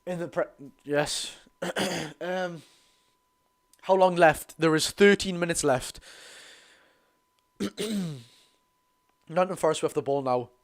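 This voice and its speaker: A teenage man with a Geordie accent giving a live fan commentary on a football match, talking to his chat, his voice going hoarse. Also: on the high side, slow, long pauses. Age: teens. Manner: excitable, chatty, calls the play and talks to chat. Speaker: fan watch-along host.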